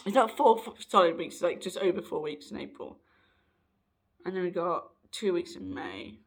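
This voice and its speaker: A young man chatting to camera, excitable and rambling, with a slightly croaky, raspy voice. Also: sits high, normal speed. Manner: excitable, rambling, with many restarts. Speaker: vlogger. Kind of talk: casual chat to camera.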